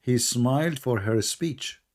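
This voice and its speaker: On a heated call debate, a male host with a mid-range voice quizzes his guest bluntly and mockingly. He recites Arabic verses quickly, and his voice sounds worn from long talking.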